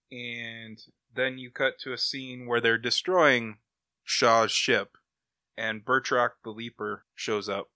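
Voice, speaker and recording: A man's voice: lowish voice, pushed and bright, dry recording. A man hosting a comic book podcast, casually retelling plots in a rambling, enthusiastic way. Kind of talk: casual chat, recapping comics.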